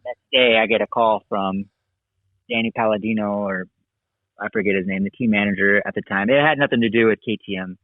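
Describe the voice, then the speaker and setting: A man's voice: lowish voice, brisk, no room sound. A man who is a former motocross racer, telling his career story in a casual, rambling way and often saying "dude" and "like". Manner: relaxed, rambling, says "dude" and "like". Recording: tinny phone-like line, dry.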